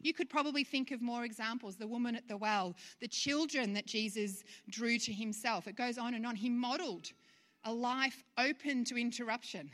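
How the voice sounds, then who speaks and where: Woman pastor, higher bright voice, chatty sermon, reverberant hall. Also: normal speed. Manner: conversational, rhetorical questions, light laughs.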